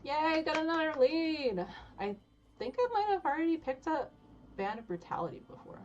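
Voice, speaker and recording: A woman streaming a game live, chatty and excitable, her voice jumping high when she is delighted. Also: normal speed, slight background noise. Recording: slightly dull audio with game music.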